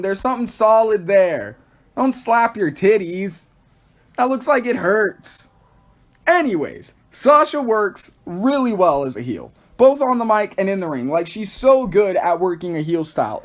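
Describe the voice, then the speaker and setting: Excitable high-voiced young man rambling. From Texas. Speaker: podcast host. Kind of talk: solo review podcast.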